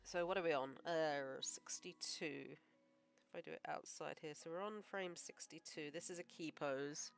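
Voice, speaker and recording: A woman animator chatting casually on a live stream while she draws, joking and thinking out loud. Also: low-pitched, measured pace, gravelly, clear, resonant tone, faint music behind. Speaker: animator streaming her work.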